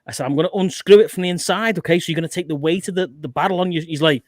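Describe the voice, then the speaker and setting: A man's voice: a little high, rapid-fire, hardly any pauses, no echo. A man hosting a livestream, swearing and laughing as he tells army stories and acts out the quotes. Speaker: host. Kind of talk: casual livestream chat.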